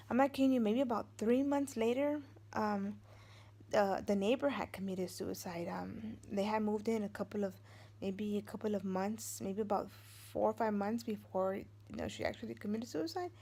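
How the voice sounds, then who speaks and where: A woman's voice: mid-range voice, moderate pace, darkish tone. A woman in her forties, a vlogger and mother of three, telling a story casually, rambling with many fillers and restarts and acting out what others said.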